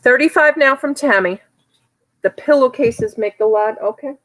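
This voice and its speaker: A woman's voice: high voice, normal speed, fairly bright tone, rough recording. A woman with a New York accent calling a live online auction, chatty and teasing bidders by name.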